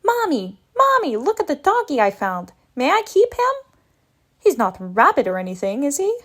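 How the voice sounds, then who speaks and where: A woman's voice: high voice, sing-song, a little slow, fairly bright tone, voice pushed up, heavily acted. A woman doing a cooing little girl. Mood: sweet. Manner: cooing baby talk. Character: sugary little girl, smothering and sly. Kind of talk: storybook read-aloud.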